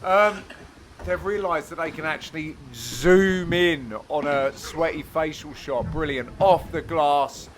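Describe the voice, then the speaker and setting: Give me a man with a high voice doing cheeky, joking commentary over his own match. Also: slow. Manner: teasing, playful banter with sudden loud exclamations. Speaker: player and commentator.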